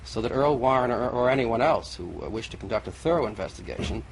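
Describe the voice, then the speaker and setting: A man's voice: mid-range voice, expressive, fast. A man arguing as a guest in a televised debate, insistent and methodical, in an old TV recording. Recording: faint noisy old TV recording.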